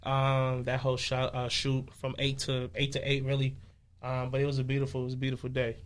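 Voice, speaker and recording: Young man, from Chicago, laid-back guest, level monotone delivery, medium pitch. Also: a little fast. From west side of Chicago. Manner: laid-back, loose and conversational, with many fillers. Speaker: guest musician. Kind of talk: casual interview chat.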